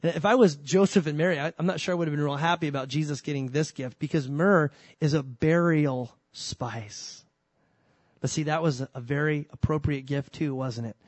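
A male pastor preaching a sermon in an animated, conversational way, jumping between loud emphasis and soft asides, with humorous asides. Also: fairly high pitch, normal speed, no room sound.

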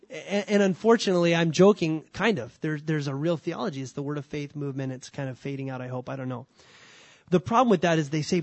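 A man's voice: fairly high pitch, fast, dry recording. A man teaching a sermon on scripture, conversational with dry humor and frequent restarts. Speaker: pastor.

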